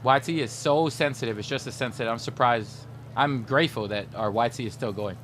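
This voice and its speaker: A man in his thirties tells stories to his stream chat, animated and quick to laugh. His voice sits at an ordinary pitch. A faint hiss and hum run under the recording. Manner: animated, laughing, slips into put-on voices for quoted people. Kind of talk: casual storytelling to stream chat.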